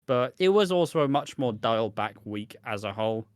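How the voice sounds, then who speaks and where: A man co-hosting a soap podcast in easy, unhurried chat, often restarting his sentences and swearing casually. His voice sits at a middling pitch, and the sound is dry and close with no room around it. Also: expressive, clean tone, dry recording. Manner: laid-back, frequent restarts and casual swearing. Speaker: podcast co-host.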